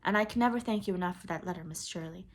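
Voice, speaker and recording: A woman reading the lines of a quiet, tender middle-aged father who speaks gently in few words. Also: lowish voice, racing, a little hiss or hum, close to an everyday voice.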